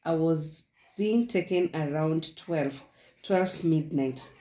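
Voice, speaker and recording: A young woman vlogger with a low, warm voice tells her own story at a slow pace in an echoey room. She rambles, repeats herself, and laughs often.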